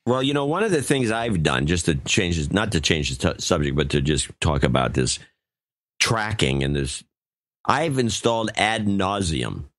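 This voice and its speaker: A man's voice: deep voice, sing-song, normal speed, fairly bright tone, no room sound, studio quality. A middle-aged man co-hosting a political podcast, blunt and skeptical, explaining things in a casual way. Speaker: podcast co-host.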